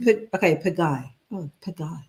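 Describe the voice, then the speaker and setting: A woman's voice: lowish voice, expressive, moderate pace, a little mellow. A woman from the United Kingdom co-hosting a live church talk show, cheerfully reading out viewer messages and laughing often. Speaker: co-host, pastor's wife.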